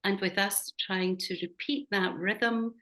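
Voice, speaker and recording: Woman, Scottish accent, workshop facilitator, gentle measured delivery, video call. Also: mid-range voice, steady tone. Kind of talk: leading a group exercise on a video call.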